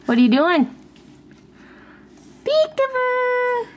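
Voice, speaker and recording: A woman's voice: medium pitch, lively intonation, unhurried, a little hiss or hum. A woman filming her baby at home, talking to her in playful sing-song baby talk. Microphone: handheld home camera.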